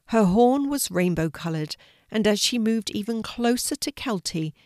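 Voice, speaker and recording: An older woman reading a children's story aloud in a gentle storytelling manner. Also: on the low side, no room sound, studio quality.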